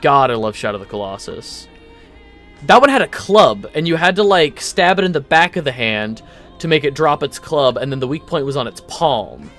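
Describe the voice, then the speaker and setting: A man giving casual let's play commentary, rambling excitably and swearing casually. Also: fairly high pitch, moderate pace, soft background music. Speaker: gaming YouTuber.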